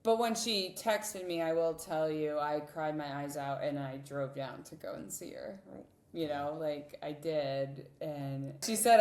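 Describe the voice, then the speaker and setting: A woman in her thirties, a cyclist guest on a podcast, telling emotional stories in a candid, animated way with many fillers and restarts. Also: sits low, slow pace. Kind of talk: emotional storytelling in a podcast interview. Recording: roomy reverberant sound.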